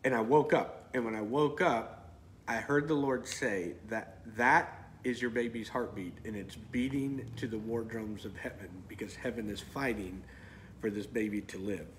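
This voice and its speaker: A man telling a faith testimony slowly and hesitantly. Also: fairly low pitch, slight background noise. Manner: slow, measured, hesitant with fillers. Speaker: co-host sharing a testimony. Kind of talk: casual testimony storytelling.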